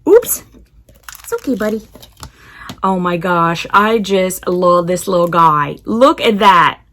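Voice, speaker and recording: A woman's voice: on the low side, takes it slowly, fairly bright tone, slight background noise. A woman chatting casually while unboxing, giggling often and talking to her cat. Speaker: unboxing vlogger.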